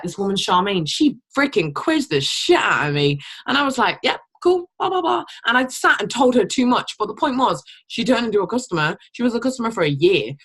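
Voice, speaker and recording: A woman's voice: fairly low pitch, husky. A young woman leading a team call, talking bluntly, swearing casually and rambling as she pushes her team. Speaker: team leader. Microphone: call microphone.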